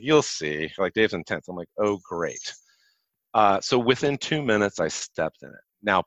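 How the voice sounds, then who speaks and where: A man with a voice on the low side, recorded with no room sound and the highs cut off, is a guest telling career stories at length in a casual chat. He acts out the people he quotes with jumps in his voice and says "like" often.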